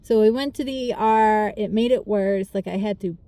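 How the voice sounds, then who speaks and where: A woman's voice: mid-range voice, normal speed, mellow, dry recording. Candid young woman telling a storytime. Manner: candid, rambling, laughs through hard moments. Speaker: vlogger. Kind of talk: casual storytime.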